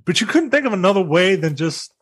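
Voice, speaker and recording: A man co-hosting a casual film review podcast, animated and laughing, swearing often. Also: sits high, quick pace, breathy edge. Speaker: podcast co-host.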